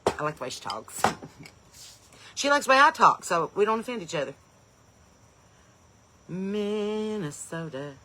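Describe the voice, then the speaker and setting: A woman hosts a live stream in an easy, chatty way. Her voice is bright and forward, and she calls out viewers' places with eager, loud bursts before talking on casually. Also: medium pitch, sing-song, fairly quick, long pauses, breathy edge. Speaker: comedian and podcast host.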